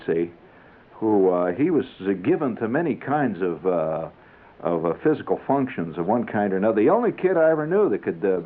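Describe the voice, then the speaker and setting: Brief: male radio storyteller, low voice, very animated delivery, tinny old broadcast sound. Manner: rambling, conversational, chuckling asides. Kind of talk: comic monologue.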